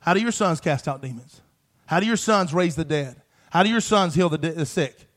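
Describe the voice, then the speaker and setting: A man with a high, bright-sounding voice preaching a sermon from the pulpit. He reads scripture aloud, asks his listeners questions, and keeps building to shouted refrains that repeat the same words. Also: expressive, fairly quick. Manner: preaches with rising, shouted emphasis and repeated phrases.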